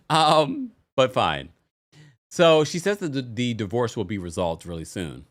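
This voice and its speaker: An animated man hosts a casual reality-TV recap, his voice leaping in pitch and breaking into laughter often. His everyday speaking pitch sits in the middle range. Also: unhurried. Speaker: podcast host.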